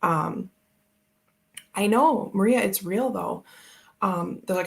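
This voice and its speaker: Chatty gravelly-voiced woman vlogger. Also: mid-range voice, takes it slowly, long pauses. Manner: chatty, rambling, laughs often. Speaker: tarot channel host. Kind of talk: casual live-stream chat.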